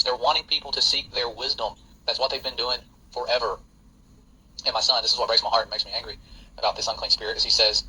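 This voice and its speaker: Man, fast talker, very bright voice, earnest warning tone, faint noise behind. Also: medium pitch, fairly even intonation, rough recording. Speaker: host and father. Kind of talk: reading aloud and commenting.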